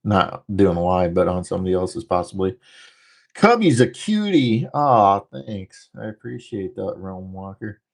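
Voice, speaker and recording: A man from the northern United States hosting a casual livestream, talking fast and rambling through jokes while he reads out viewer comments. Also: low voice, little pitch movement, gravelly. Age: adult, former military. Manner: rambling, joking, talks fast. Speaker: livestream host.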